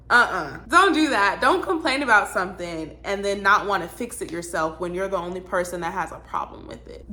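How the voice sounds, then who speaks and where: A woman telling a storytime vlog in a blunt, animated, exasperated way. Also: medium pitch, a little hiss or hum. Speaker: vlogger.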